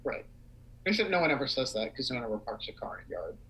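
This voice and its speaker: A young man co-hosting a casual livestream chat, animated and rambling with lots of fillers. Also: mid-range voice, fast, low-quality recording. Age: young adult. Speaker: podcast co-host.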